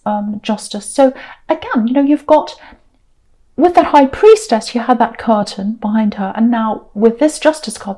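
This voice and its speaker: A woman giving a tarot reading, talking softly and rambling, often repeating herself. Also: fairly high pitch. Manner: soft, rambling, repeats phrases. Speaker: tarot reader.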